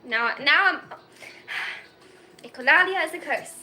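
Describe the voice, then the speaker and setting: A woman in her twenties from Germany, chatting casually on a livestream over her phone, excitable and giggly with rambling self-mocking jokes. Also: high voice, a little slow, a little hiss or hum. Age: 20s. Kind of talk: casual chat.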